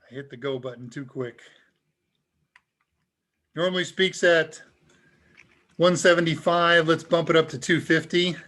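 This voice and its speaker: A man hosting a live tech Q&A, talking casually and chuckling as he demonstrates software. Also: a little high, steady tone, measured pace, long pauses. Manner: casual and upbeat, chuckles often. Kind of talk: live demo talk.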